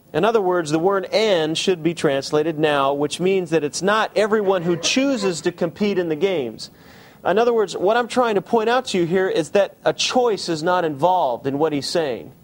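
A man preaching a sermon, asking the congregation direct questions and slowing down for emphasis. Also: a little high. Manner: shifts between quick asides and slow emphasis. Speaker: pastor.

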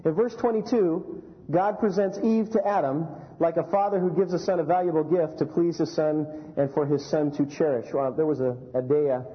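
A high-pitched male pastor preaching in a church, lively and animated, telling anecdotes and asking the room questions. The sound is muffled and carries a long echo from the sanctuary. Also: normal speed. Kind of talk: sermon.

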